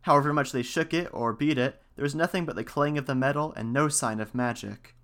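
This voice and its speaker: A man reads an old folktale aloud at an easy, unhurried pace. His voice sits in a middling register, and he gives the characters only light voices. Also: medium pitch, a bit bright. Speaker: storyteller.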